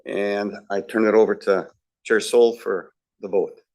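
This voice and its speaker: A man's voice: on the low side, steady tone, unhurried, a little mellow. A man, a trustee on the nominating committee, presenting a formal motion in a hesitant way with a dry joke.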